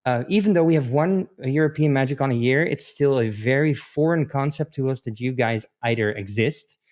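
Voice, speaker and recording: Man telling lively stories. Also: mid-range voice, normal speed. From Netherlands. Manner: animated storyteller, rambling with many restarts. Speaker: podcast guest. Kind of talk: casual podcast chat.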